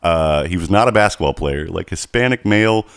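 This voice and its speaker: Man, podcast co-host, animated storyteller, swearing, deep voice, dry sound. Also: a little fast, smooth, dry recording. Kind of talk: casual podcast chat.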